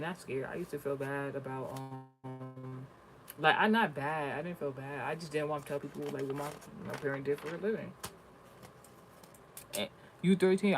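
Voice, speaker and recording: Gravelly guy with a kinda high voice, cussing and rambling thru a reading vlog. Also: slight background noise, poor audio. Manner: blunt, cursing, rambling storytelling. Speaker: spiritual reading vlogger. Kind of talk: profane casual rant vlog.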